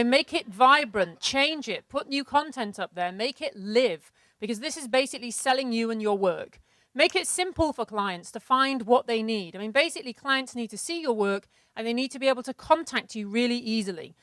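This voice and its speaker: Brisk, clear-voiced woman presenting. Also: on the high side, expressive, fairly bright tone, dry recording. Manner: brisk, organized, businesslike. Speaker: seminar co-presenter. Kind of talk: instructive business presentation.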